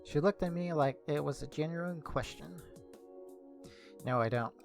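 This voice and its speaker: Gravelly young man reading a game aloud. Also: fairly high pitch, a little slow, faint music behind. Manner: casual reading with slips and self-corrections. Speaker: streamer. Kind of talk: reading a visual novel aloud.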